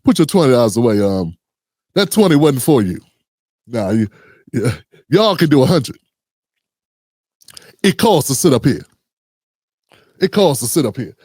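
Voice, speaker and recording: A man mimicking a smug middle-aged male preacher who demands money, in a slow, deep, smooth-talking swagger. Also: big pitch swings, darkish tone, no echo, clean studio sound. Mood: demanding.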